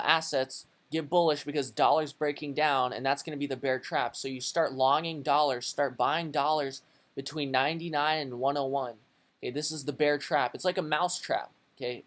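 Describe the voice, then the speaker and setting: A young man brashly commenting on his trading plan to his viewers, profane and frustrated, calling them guys and bro. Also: medium pitch. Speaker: crypto trading video host. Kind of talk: casual market commentary to camera.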